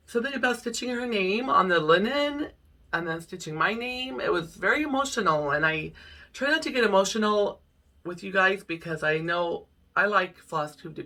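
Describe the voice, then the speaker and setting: A middle-aged woman talks through her stitching projects in an unhurried, rambling way, with frequent small laughs. Her voice is bright and clear, picked up from a little distance. She sounds relaxed and chatty. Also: on the low side. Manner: chatty, rambling, emotional at times, laughs often. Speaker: cross-stitch vlogger. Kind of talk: casual chat to camera. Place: home room.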